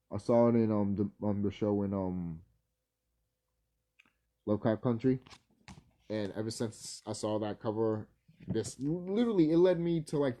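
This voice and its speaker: A man's voice: lowish voice, dark tone. A man vlogging casually, rambling and swearing, laughing easily and stumbling over his words. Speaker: video creator.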